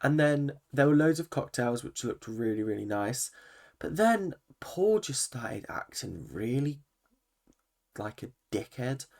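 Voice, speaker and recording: A man talks straight into his own channel, recapping the latest reality TV episode in a loose, ranting way. He is opinionated and animated, swears freely and jumps between asides, and his voice sits at an ordinary middle pitch for a man. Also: measured pace, gravelly. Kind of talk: ranting reaction commentary.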